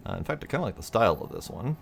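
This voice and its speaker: A man's voice: lowish voice, big pitch swings, very fast, gravelly, a little hiss or hum. A man hosting a gaming video, chatting playfully and rambling through his play session with plenty of fillers. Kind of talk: casual let's-play commentary.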